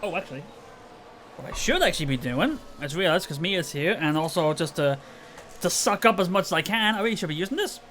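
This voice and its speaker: A man's voice: sits high, expressive, brisk, a bit bright, slight background noise. A tired Northern Irish man chatting casually on a late-night live stream, rambling and self-mocking with frequent chuckles. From Northern Ireland.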